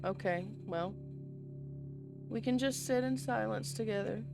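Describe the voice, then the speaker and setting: A woman plays a visual novel, reading all its text and every character's dialogue aloud herself, dropping casual asides between lines. Her voice is on the high side, unhurried, with vocal fry, and music plays underneath.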